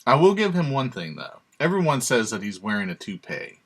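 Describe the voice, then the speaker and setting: A man's voice: mid-range voice, wildly swooping pitch, brisk. A man hosting his own channel, giving sarcastic, emphatic opinionated commentary and chuckling to himself. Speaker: channel host.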